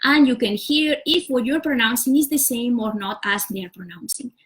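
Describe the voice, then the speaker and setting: A woman's voice: a little high, normal speed. A woman language teacher giving a casual livestream explainer, talking step by step with frequent "uh" and "so". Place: home setup for a live stream.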